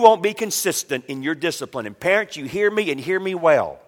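A man's voice: expressive, fairly quick, few pauses, fairly bright tone. Emphatic preacher in his forties, reverberant hall. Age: 40s. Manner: emphatic preaching with rising pitch and repeated words. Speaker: pastor. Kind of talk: sermon.

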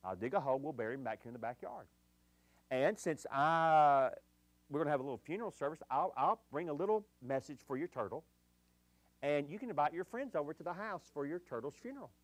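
Un homme qui joue un papa doux et câlin. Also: male voice, on the high side, expressive, fairly quick, dry recording. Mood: coaxing. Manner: soft, quiet and coaxing. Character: gentle, coaxing young father.

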